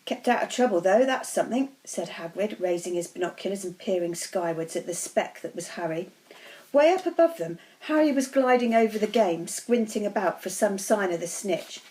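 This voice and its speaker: A woman teacher reading a children's novel aloud in a steady, expressive storytelling voice. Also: mid-range voice, normal speed, low-quality recording.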